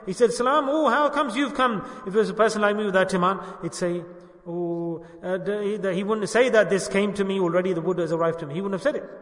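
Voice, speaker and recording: A man preaching a religious sermon, who asks his listeners questions, answers them himself and urges them to say the answer loudly. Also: high voice, fairly even intonation, fast talker, echoey room, long reverb tail, distant mic. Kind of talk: religious sermon with call-and-response.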